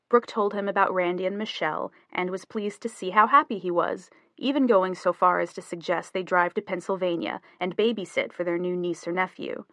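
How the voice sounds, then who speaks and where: A woman narrating a novel as an audiobook, in measured scripted storytelling. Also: on the low side, a bit bright, dry recording.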